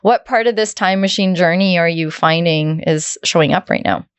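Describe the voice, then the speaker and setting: A woman's voice: lowish voice, moderate pace, smooth, no room sound. A woman hosting a podcast, asking long rambling questions in a supportive, casual way. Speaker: podcast host. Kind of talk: casual interview chat.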